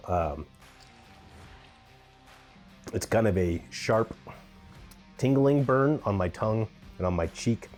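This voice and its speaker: Low mellow-voiced man reviewing peppers. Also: animated, takes it slowly, pauses often, soft background music. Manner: chatty, candid, thinking aloud with ums. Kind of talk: casual tasting review.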